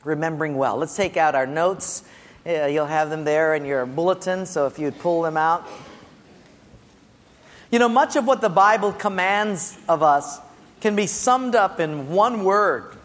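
A man preaching as a pastor, telling a lively story with acted-out voices before turning to his sermon. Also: on the high side, measured pace. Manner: animated storytelling with acted-out quotes and laughter. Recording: long hall reverb with faint ambience.

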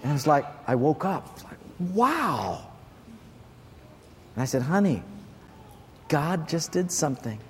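Preaching in a church sanctuary, this man shares a personal story, voicing the dialogue, then earnestly leads a spoken prayer. His voice is fairly high yet darkish in tone and a little fast, with big-room sound and slight background noise.

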